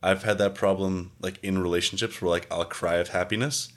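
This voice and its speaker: Young male co-host with a very deep voice; loose, rambling delivery, full of "like" and casual swearing. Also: steady tone, fairly quick. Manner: rambling, heavy "like" fillers, swears freely. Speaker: podcast co-host. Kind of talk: casual chat.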